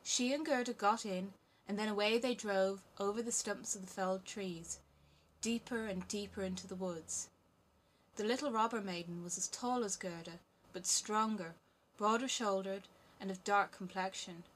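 A woman narrating a fairy tale as an audiobook, in a steady, clear storytelling manner. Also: mid-range voice, normal speed.

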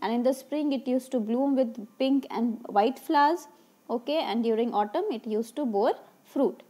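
A woman's voice: fairly high pitch, moderate pace, warm tone. A woman teaching an English class. She reads a story aloud in short passages and then explains each one in simple words, asking her pupils questions and stopping to rephrase with small fillers.

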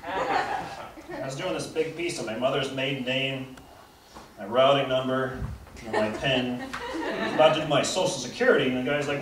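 A man's voice: medium pitch, normal speed, pauses often. Rambling man doing stand-up in a roomy club. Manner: profane, rambling, swings between mumbles and shouts. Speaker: stand-up comedian. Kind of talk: stand-up comedy set. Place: small theater stage. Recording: roomy, distant live club recording with audience noise.

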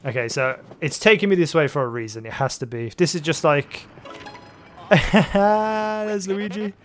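A man's voice: mid-range voice, animated, fast, slight background noise. A man playing a video game and casually thinking aloud, muttering with fillers as he commentates. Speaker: gaming channel host. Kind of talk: let's play commentary. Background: background music.

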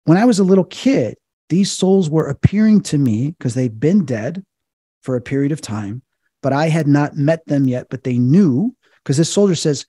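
A middle-aged man, a psychic medium, telling animated stories in an interview and acting out the quoted voices. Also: a little high, moderate pace, slightly rough, no room sound, clean studio sound. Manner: acts out quoted voices, excited.

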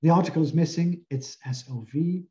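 A man's voice: a little high, a little fast, mellow, dull audio. A man giving an academic linguistics lecture, explaining slides step by step. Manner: explanatory, walking through slides. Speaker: linguistics professor.

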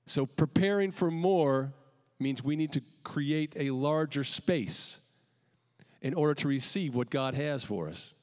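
A man preaching a sermon as pastor, calling out emphatic lines and then letting the ends drop quietly. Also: a little high, a little slow, in a large hall. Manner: emphatic preaching with rising calls and quiet dropped endings. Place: church sanctuary.

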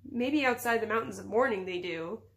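A woman's voice: a little high, brisk, creaky, a bit bright, a little hiss or hum. A woman voicing a clever, sly young princess who plays innocent in a read-aloud storybook. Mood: cool.

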